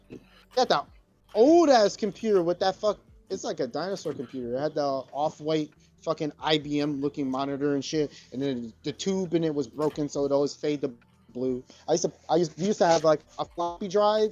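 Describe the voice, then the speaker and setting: A man's voice: a little high, darkish tone, muffled recording. A man co-hosting a podcast in casual chat, rambling and profane. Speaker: podcast co-host.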